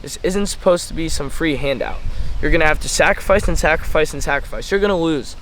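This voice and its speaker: A man's voice: fairly high pitch, fast, a bit bright, low-quality recording. A teenage boy outdoors at a playground, giving a blunt, profane motivational rant straight at the viewer. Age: teens. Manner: blunt, profane, fired-up, lectures the viewer directly. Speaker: trading mentor vlogger. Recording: phone recording outdoors with faint background noise.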